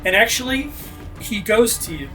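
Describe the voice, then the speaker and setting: A man as game master, narrating a tabletop role-playing fight with energetic delivery and shouted sound effects. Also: high voice, moderate pace, faint music behind.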